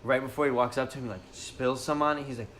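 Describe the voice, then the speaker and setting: A man's voice: medium pitch, steady tone, quick pace, fairly bright tone, slight background noise. A young man in casual chat, easygoing, laughing often and agreeing readily. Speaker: podcast co-host.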